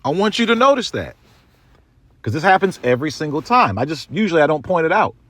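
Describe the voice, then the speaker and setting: A man from the United States hosts his own commentary show, talking bluntly in loose slang. His voice sits slightly high and jumps around a lot in pitch. The sound is dry and close, with no room around it. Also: very animated, quick pace, a bit bright, no room sound. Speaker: show host. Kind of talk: opinion commentary monologue.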